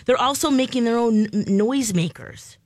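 A woman's voice: on the high side, moderate pace, darkish tone, no room sound. A woman co-hosting a morning radio show, telling a news story in a chatty way. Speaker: radio co-host reading news stories. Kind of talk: casual news chat.

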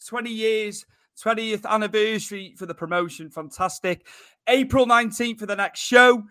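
A man's voice: high-pitched, sharp tone, clear, resonant tone. A man hosting a wrestling podcast, chatting casually and repeating phrases as he winds through stories. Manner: chatty, repeats himself, quick asides. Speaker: podcast host. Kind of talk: casual interview chat.

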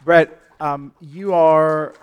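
A man moderating a panel before a live audience, asking long, measured questions full of "um" pauses. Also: on the high side, fairly even intonation, clear, resonant tone, no echo, lo-fi sound.

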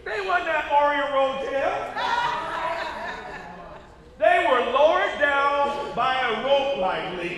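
A man preaching a sermon with call-and-response, repeating his lines for the congregation and rising to emphatic shouts. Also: very high-pitched. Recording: echoey hall, mic far off, audience.

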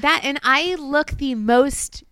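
A woman comedian on a podcast as a guest, playful and self-deprecating, with a high breathy little voice. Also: takes it slowly, pushed and bright, no room sound, clean studio sound. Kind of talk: casual podcast chat.

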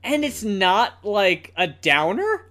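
Slow-talking enthusiastic man. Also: high-pitched, sing-song, pushed and bright. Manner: enthusiastic, rambling, swears freely. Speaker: podcast co-host. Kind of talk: casual chat.

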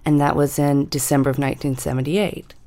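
A woman in her fifties telling a personal story in a measured, deliberate way, slowing down for emphasis. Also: low-pitched, little pitch movement, warm tone. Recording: music bed under the voice.

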